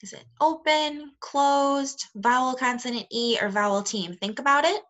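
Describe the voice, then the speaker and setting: A woman with a bright, clear voice leads a remote phonics lesson for second graders. She talks slowly and plainly, sounding words out and praising the kids often. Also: sits high. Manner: slow, clear, encouraging teacher talk to young children.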